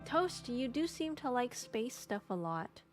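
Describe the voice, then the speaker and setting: A woman's voice: a little high, big pitch swings, measured pace, music in the background. A young adult woman chatting casually with her live-stream audience, rambling and joking at her own expense. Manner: chatty, rambling, self-mocking.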